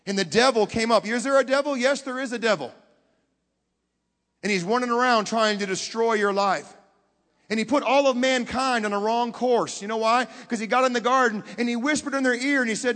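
A man with a high voice preaches with dramatic swings between hushed moments and loud outbursts. He keeps putting questions to the audience as he tells his story. His voice rings out with a long reverb, as in a large hall. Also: fairly quick. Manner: talks directly to the audience with questions. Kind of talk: sermon.

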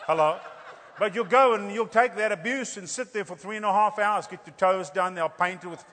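A high-voiced male preacher delivering a humorous sermon in a church. He jokes animatedly and keeps teasing the congregation with rhetorical questions. His voice rings out in a long reverb. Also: brisk. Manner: animated, joking, repeats "hello?" for laughs.

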